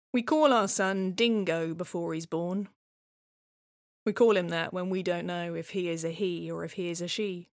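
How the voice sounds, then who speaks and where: A woman's voice: on the low side, fairly bright tone, no room sound, clean studio sound. A woman performing a scripted first-person monologue in a wry, reflective, conversational way.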